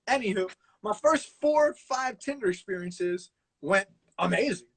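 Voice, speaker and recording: A man's voice: sits high, lively intonation, normal speed, fairly bright tone, husky, rough recording. A man co-hosting a casual chat show, talking in loose, slangy, profane banter. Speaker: co-host.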